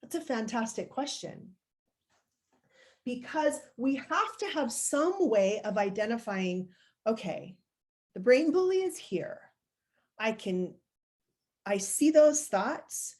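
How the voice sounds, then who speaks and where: Woman coach, slightly high voice, unhurried, encouraging, talking to a live-stream audience. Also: big pitch swings, a little mellow. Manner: encouraging, conversational, demonstrates with gestures. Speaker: life coach.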